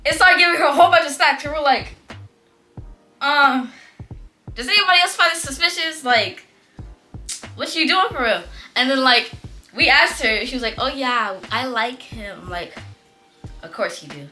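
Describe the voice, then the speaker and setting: Young woman, casual storytelling, bright and lively, high voice, faint music behind. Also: normal speed, long pauses. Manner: chatty, animated, quoting classmates in playful voices. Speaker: vlogger.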